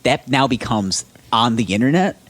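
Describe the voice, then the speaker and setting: A man co-hosting a casual wine podcast with a fairly low, very lively voice. He jokes around and keeps correcting himself as he goes. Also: moderate pace, no room sound. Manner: animated, self-correcting, jokey. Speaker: podcast co-host. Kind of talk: casual chat.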